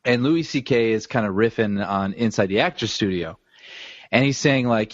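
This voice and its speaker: A man's voice: mid-range voice, big pitch swings, brisk, no echo. A man co-hosting a podcast who giggles as he recaps a news story in casual chat. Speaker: podcast co-host. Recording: dry, dull lo-fi sound.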